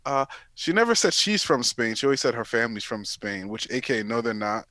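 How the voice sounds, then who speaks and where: A man co-hosting a casual podcast, telling stories with lively acted-out quotes. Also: mid-range voice, brisk, no room sound. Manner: animated storytelling, acting out quotes. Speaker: podcast co-host. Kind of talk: casual chat.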